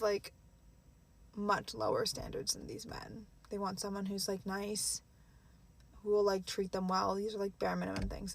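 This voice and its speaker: A woman's voice: mid-range voice, creaky, a bit bright. A woman giving a blunt, sarcastic vlog rant with many fillers.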